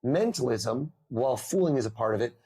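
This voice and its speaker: Podcast guest, male, energetic storyteller, mid pitch, plays out the quotes. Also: a little fast, husky. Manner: animated storyteller, acts out quoted voices. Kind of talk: conversational storytelling. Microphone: remote call.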